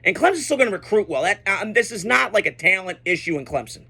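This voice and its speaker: Young male sports commentator, high bright voice, blunt and unfiltered. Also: lively intonation, fast, gravelly, husky. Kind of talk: casual sports reaction monologue.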